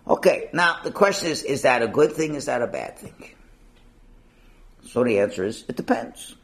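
Man teaching torah, lively up and down voice, casual and chatty, lots of questions. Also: mid-range voice, moderate pace. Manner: animated, conversational, rhetorical questions. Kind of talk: informal lesson.

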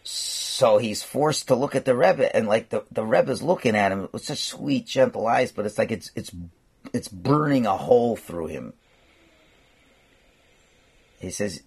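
A man giving a storytelling sermon as a rabbi, animated and sprinkled with Yiddish and Hebrew words. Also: lowish voice, unhurried, gravelly, long pauses, husky.

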